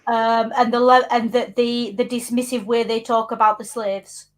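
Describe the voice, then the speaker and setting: A woman's voice: fairly high pitch, level tone, moderate pace. A woman co-hosting a casual chat, frankly commenting on history with wry, emphatic asides. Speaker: co-host.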